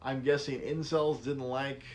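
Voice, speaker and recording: A man's voice: medium pitch, unhurried. A man hosting a podcast, rambling casually with frequent restarts. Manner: rambling, many restarts, animated. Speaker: podcast host.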